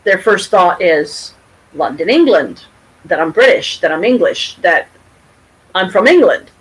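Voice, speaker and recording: A woman's voice: on the low side, unhurried, breathy edge, poor audio. Rambling middle-aged woman vlogger. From Pontiac, Michigan, USA. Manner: rambling, animated, with restarts and swearing. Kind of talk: casual storytelling to camera. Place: at home, with her cat nearby.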